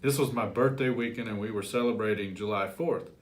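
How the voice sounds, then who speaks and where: A man working as a life coach, telling a personal story to camera in a lively, animated way. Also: on the low side, fairly quick. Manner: animated storyteller, acts out his childhood voice.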